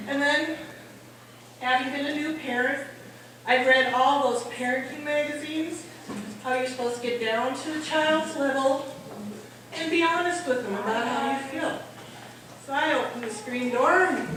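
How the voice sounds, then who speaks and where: A middle-aged woman doing stand-up storytelling, animated, acting out voices and laughing often. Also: sits high, moderate pace, noisy background. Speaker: stand-up comedian. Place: hall at a holiday party. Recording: echoey hall from far off.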